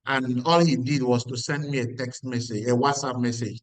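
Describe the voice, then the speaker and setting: A man's voice: mid-range voice, fairly even intonation, normal speed, dry recording, rough recording. A middle-aged man with a Nigerian accent giving an emphatic motivational talk as a business mentor, repeating lines and asking the audience questions. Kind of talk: motivational talk at a weekly meeting.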